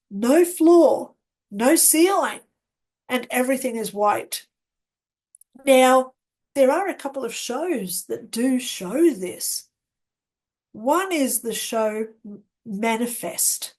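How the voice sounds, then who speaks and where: Woman, slow earnest storyteller, slightly high voice, re-enacts remembered dialogue. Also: darkish tone. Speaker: near-death experience guest. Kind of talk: personal storytelling. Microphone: webcam setup with ring light.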